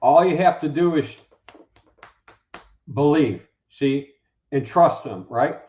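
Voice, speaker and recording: A man talking as a guest, preaching in a casual, animated way and acting out the people he quotes. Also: a little high, takes it slowly. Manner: animated, acts out quoted speakers. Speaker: guest, Bible teacher. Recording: roomy, dull lo-fi sound.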